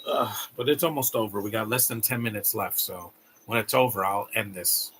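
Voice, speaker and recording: Blunt grumbling man with a bright voice. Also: fairly low pitch, normal speed, a little hiss or hum. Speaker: live streamer. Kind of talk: casual live-stream commentary.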